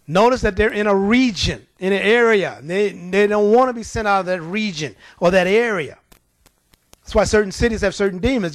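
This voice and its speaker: A male preacher with a high voice, preaching in a lively, conversational way and breaking into chuckles as he tells his stories. The sound is close and dry, with no room around it. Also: no room sound. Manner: animated, colloquial storytelling with chuckles. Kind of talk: sermon.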